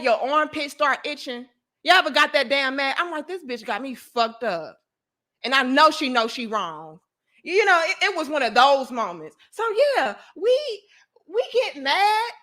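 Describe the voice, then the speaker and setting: A woman vlogger tells a story to her viewers in a casual, animated way, swearing freely. Her voice sits high and comes across bright and forceful, and she keeps speaking straight to the audience. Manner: animated, profane, addresses viewers directly.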